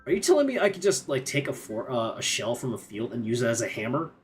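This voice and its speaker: Casting: a chatty Canadian streamer, a man with an animated, bouncy delivery, game music faint underneath. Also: mid-range voice, fast. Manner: chatty, self-mocking, lots of fillers. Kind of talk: casual gameplay commentary.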